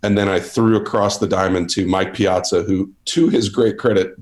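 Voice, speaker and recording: A man guest in a casual chat, telling stories with dry, deadpan jokes. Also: low-pitched, moderate pace. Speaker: guest actor.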